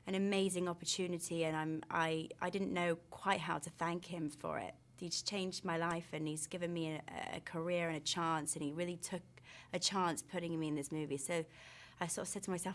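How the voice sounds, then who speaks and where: A woman speaking as an actress in a film press interview, recounting things with gushing enthusiasm. Her voice sits a little lower than most women's. She talks in an eager, wholehearted way throughout.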